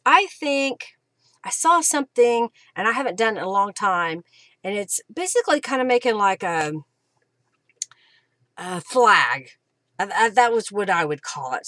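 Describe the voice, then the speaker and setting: A woman's voice: mid-range voice, fairly bright tone, no room sound. A woman hosting a live crafting demonstration at home, chatting and thinking aloud with fillers as she works. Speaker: craft host.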